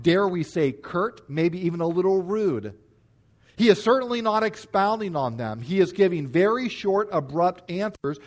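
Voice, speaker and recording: A man preaching a sermon, explaining scripture verse by verse with emphatic stress on key points. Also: sits high. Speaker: pastor.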